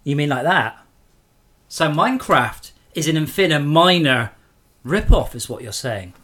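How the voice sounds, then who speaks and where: A man's voice: on the high side, animated, unhurried, a bit bright. A man streaming a game live and sarcastically scolding trolls in his chat.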